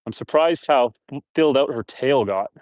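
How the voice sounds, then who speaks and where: A man's voice: medium pitch, normal speed, darkish tone, no room sound, clean studio sound. A man chatting casually on a live stream while doing outdoor chores on his homestead, rambling to viewers and his animals. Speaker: homestead livestreamer. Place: outdoors on a homestead, watering trees.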